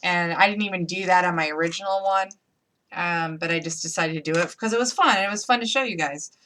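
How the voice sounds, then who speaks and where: Quick and forceful, a woman's fairly low, bright voice carries over slight background noise. She's a crafting demo host with an upstate New York accent, leading a live tutorial in a chatty, playful style and thinking out loud through each step.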